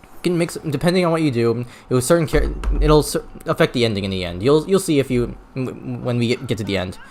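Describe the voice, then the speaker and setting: A man's voice: medium pitch, fast talker, darkish tone. A man streaming a video game, talking casually in a rambling way with many restarts and stumbles. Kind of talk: casual gameplay commentary.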